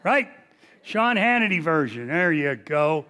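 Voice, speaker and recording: A man in his seventies speaks in a notably high voice as he lectures on history. He rambles and pokes fun at himself. He talks to a big audience in a library hall from a lectern mic. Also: sing-song, unhurried, pushed and bright, smooth. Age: 70s. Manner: self-deprecating, rambling, joking. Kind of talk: public lecture with jokes. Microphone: stationary mic at a lectern.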